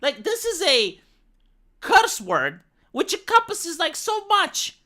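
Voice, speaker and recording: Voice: very high voice, wildly swooping pitch, takes it slowly, bright, forceful tone. A live streamer from Romania with a Romanian accent, speaking English as a second language. They chat casually and profanely with viewers, rambling through fillers and restarts.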